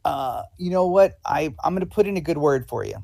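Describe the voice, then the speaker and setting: A man's voice: fairly high pitch, expressive, brisk, vocal fry, darkish tone. Man hosting a live improv show. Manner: polite, hesitant with many ums. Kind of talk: hosting live improv, playing a casting director.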